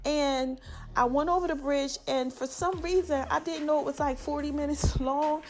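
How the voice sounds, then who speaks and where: A woman, giving heartfelt, slangy shout-outs to family and friends in a casual vlog. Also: sits high, steady tone, moderate pace. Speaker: vlogger.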